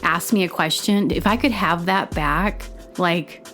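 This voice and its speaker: A woman hosting a podcast, talking alone in a rambling, chatty way and jumping into a high, squeaky voice when she quotes others. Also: a little slow, a bit bright, soft background music. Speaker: podcast host. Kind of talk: casual solo monologue.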